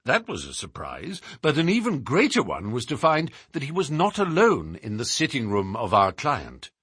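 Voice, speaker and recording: A man narrating a story aloud in a measured, expressive reading. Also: medium pitch, husky, no room sound, clean studio sound. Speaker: audiobook reader. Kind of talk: scripted narration.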